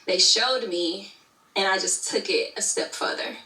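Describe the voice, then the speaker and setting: Bright-voiced chatty woman from Alabama. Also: mid-range voice, unhurried, distant mic. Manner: chatty, storytelling, laughs easily. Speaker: YouTube creator of scripted shows. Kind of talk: casual interview answers. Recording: echoey room, away from mic.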